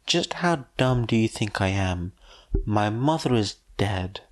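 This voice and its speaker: A man's voice: fairly low pitch, lively intonation, slow pace. A man voicing an irritated young man who answers in a dry, sarcastic, exasperated way.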